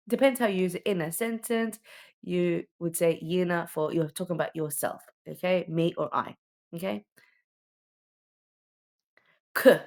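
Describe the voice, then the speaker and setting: A homeschooling teacher with a lowish, slightly mellow voice walks through the alphabet letter by letter at normal speed, keeping it casual and chatty with many "okay"s and "um"s.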